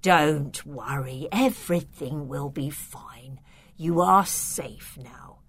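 A sinister vampire count, put on by a woman reader for a storybook: slow, lowered and silky. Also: sing-song, fairly bright tone, husky, full character voice. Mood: soothing. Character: sinister smooth-talking male vampire count. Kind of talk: storybook reading.

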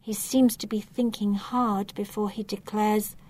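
A woman narrating a storybook reading in a measured, clear, deliberate way. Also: medium pitch, steady tone, darkish tone.

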